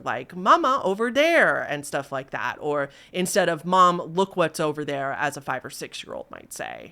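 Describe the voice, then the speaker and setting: Young woman, lowish voice, casual commentary, chatty and animated, talks straight to viewers. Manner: mimics voices in quoted lines. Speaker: YouTube host. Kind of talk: casual commentary on viral videos.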